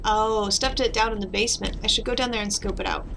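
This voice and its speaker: A woman's voice: mid-range voice, steady tone, fast, vocal fry, natural voice, low-quality recording. A woman reading the lines of a weary, bitter woman detective in a game, in a sardonic tone over background music.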